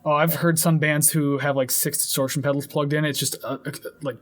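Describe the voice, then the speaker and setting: A young man with a somewhat high voice reviews music in casual chat. He hedges constantly and wanders through his points with plenty of fillers. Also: flat delivery, a little fast. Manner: rambling, hedging with many fillers. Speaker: podcast co-host.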